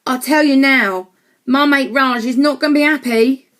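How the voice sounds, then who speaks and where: A woman's voice: sits high, normal speed, a bit bright, voice pushed up. A woman reading an audiobook, voicing a grumpy, bossy young boy who speaks curtly. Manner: curt and snappy.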